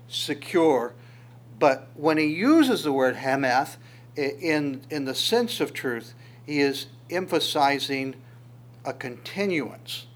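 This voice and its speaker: Man preaching a conversational sermon. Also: on the high side. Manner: conversational, searching, quick asides. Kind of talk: expository sermon.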